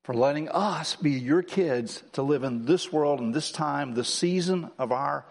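A man preaching a Christmas sermon as pastor, swinging between emphatic, rising declarations and slow, soft reflection. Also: fairly high pitch, creaky, big-room sound. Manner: builds to emphatic, rising lines, then slows and softens. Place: church sanctuary.

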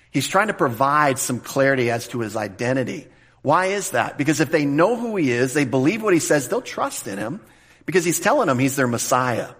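A pastor preaching a verse-by-verse sermon in a conversational way, often restarting words and slowing down to stress key phrases. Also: male voice, mid-range voice, fairly bright tone, slightly rough. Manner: conversational, repeats words at restarts, slows for emphasis. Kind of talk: expository sermon.

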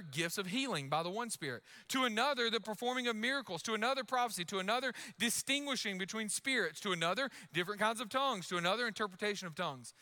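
A young adult man preaching a sermon as pastor, loud and energetic in his delivery. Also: high-pitched.

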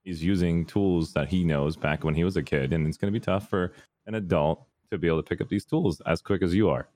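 Very deep-voiced young man, rambling. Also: brisk, a little mellow, no echo. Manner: rambling and candid, many fillers and restarts. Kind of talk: casual personal storytelling.

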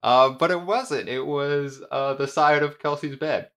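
A young man of eighteen telling a story in a hesitant, halting way on a casual podcast. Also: a little high, fairly bright tone. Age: young adult. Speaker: podcast guest. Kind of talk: casual chat.

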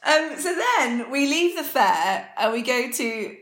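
A woman's voice: a little high, animated, unhurried, a bit bright, echoey room. A woman co-hosting a casual chat, recapping a TV episode from her notes with plenty of filler words. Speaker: podcast co-host.

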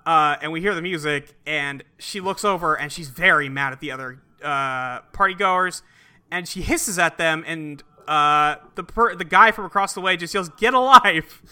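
A man's voice: a little high, bright, forceful tone, smooth. A man casually recapping a film on a podcast, acting out characters' lines as he goes. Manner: retells scenes, acting out lines in quick put-on voices. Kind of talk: casual chat.

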